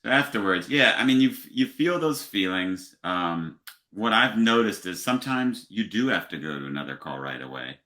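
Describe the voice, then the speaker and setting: Male podcast guest, very low voice with a crisp, pointed tone, measured and thoughtful delivery. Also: animated, pushed and bright. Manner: measured, brief affirmations, thoughtful pauses. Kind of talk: casual conversation.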